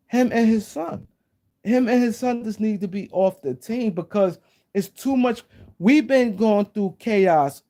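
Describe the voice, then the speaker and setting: A man's voice: sits high, warm tone. A man hosting a casual live-stream sports talk show, rambling and repeating himself as he talks to viewers in the chat.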